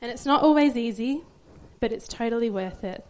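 A young woman speaks at church about becoming a mother. Her voice sits a bit high and wavers with tears. She keeps laughing softly through the crying. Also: moderate pace. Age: young adult. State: tearful. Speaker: young mother giving a testimony. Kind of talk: church testimony.

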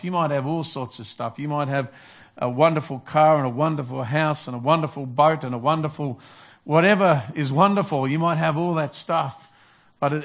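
A man preaching a Sunday sermon, earnest and repetitive, building to emphatic calls. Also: fairly high pitch. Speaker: pastor.

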